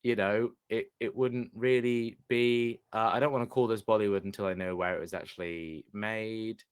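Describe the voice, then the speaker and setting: A man's voice: on the low side, fairly even intonation, moderate pace, clear, resonant tone, dry recording, clean studio sound. A man co-hosting a podcast, talking in a loose, hesitant way with lots of "like" and "kind of". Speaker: podcast co-host reviewing films. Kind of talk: casual chat.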